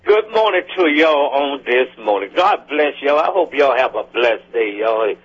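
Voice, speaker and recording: A man's voice: medium pitch, expressive, measured pace, husky. A man co-hosting a morning radio show, affirming the pastor and repeating phrases in a casual, churchy way. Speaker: guest co-host. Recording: muffled lo-fi radio broadcast.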